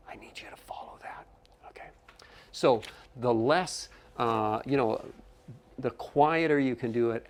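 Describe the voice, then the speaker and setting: A man's voice: medium pitch, creaky, darkish tone. A man who trains teachers, giving a workshop lecture in an explanatory way, often checking in with "okay?" and correcting himself as he goes. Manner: frequent restarts and self-corrections.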